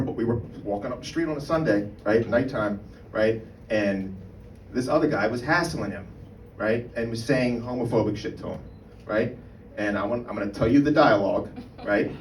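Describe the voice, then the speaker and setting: A man's voice: on the low side, darkish tone. Male stand-up comic, chatty and crude, on a live club stage with room noise and reverb. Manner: conversational, profane, keeps asking "right?". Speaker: stand-up comedian. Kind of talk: stand-up comedy. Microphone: mic on a stand. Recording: roomy live room, mic far off, background noise.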